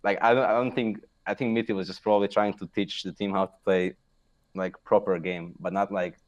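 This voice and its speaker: A man's voice: low voice, level tone, a little fast. A young man, a podcast guest, rambling casually with lots of fillers. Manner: rambling, filler-heavy, laughs at himself. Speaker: guest, pro gamer.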